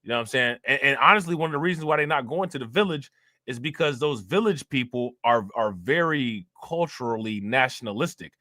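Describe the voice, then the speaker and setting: A man's voice: mid-range voice, animated, fairly quick, sharp tone, no echo, studio quality. A young man commenting casually on a livestream and reading out chat comments, with lots of fillers and repeated words. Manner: loose and conversational, fillers and repeats.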